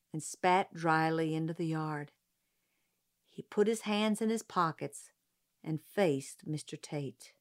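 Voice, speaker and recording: A woman narrating a novel aloud in a measured, even manner. Her voice sits low and she takes the story very slowly and steadily. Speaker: audiobook narrator. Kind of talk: audiobook narration.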